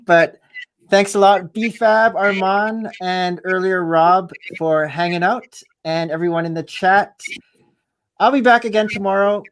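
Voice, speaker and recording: High-voiced guy hosting his lego stream, chill and friendly. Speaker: livestream host. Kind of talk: casual chat.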